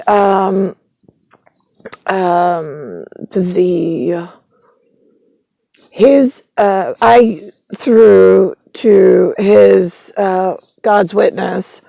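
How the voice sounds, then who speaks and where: A woman's voice: on the low side, vocal fry, warm tone, husky, dry recording, low-quality recording. A woman telling a long, rambling personal story, retelling conversations line by line, with many fillers and restarts. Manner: retells conversations with quoted dialogue.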